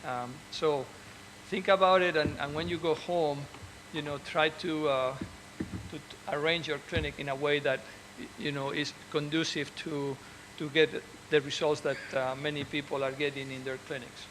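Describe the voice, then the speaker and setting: A man's voice: a little high, fairly even intonation, moderate pace, background noise. A man, an orthopedic surgeon, speaking earnestly and encouragingly to fellow doctors, often restarting and repeating words.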